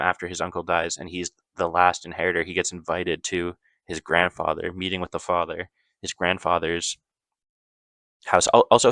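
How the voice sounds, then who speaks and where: A man's voice: deep voice, a bit bright, dry recording. A man casually recapping a movie plot, rambling loosely with lots of fillers and self-corrections.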